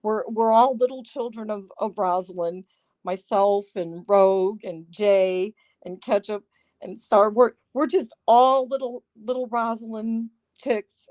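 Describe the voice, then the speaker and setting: A woman's voice: fairly high pitch, unhurried, darkish tone, dry recording. A woman hosting a casual livestream, chatty and sarcastic, often breaking into laughter, talking into a phone microphone. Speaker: livestream host. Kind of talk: casual live-stream chat.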